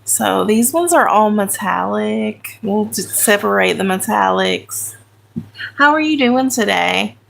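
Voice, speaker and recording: A woman with an American country accent chats on a livestream while sorting crayons, addressing viewers by name and correcting herself as she goes. Her mid-range voice is gravelly and fairly bright with lively intonation, she takes it slowly, and there's a little hiss or hum.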